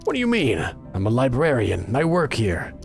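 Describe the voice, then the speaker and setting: Scolding, fussy librarian for a game, read aloud by a man, animated pitch. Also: brisk, creaky, soft background music. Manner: scolding, insistent. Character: stern fussy male librarian.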